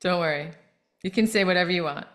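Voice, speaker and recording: A woman's voice: fairly low pitch, fast talker, fairly bright tone. A woman hosting an interview as a speech therapist, giving short encouraging replies. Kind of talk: interview, listening with backchannels.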